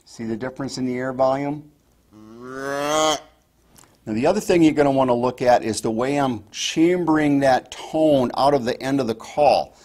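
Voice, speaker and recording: A man of ordinary pitch walks listeners through hunting calls in a plain, instructional tone. He explains patiently and step by step. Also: normal speed. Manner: explains step by step, demonstrates softly. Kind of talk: instructional talk.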